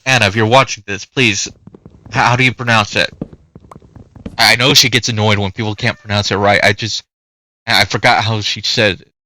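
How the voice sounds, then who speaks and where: A man's voice: lowish voice, fairly even intonation, moderate pace, long pauses, sharp tone. A man giving casual gameplay commentary, chatting away and talking to the animals in his game. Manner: chatty, talks to the game's animals. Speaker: gaming youtuber.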